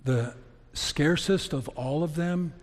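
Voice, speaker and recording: A man's voice: on the high side, takes it slowly. A middle-aged man preaching a sermon as pastor, in a conversational storytelling way. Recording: long reverb of a church hall.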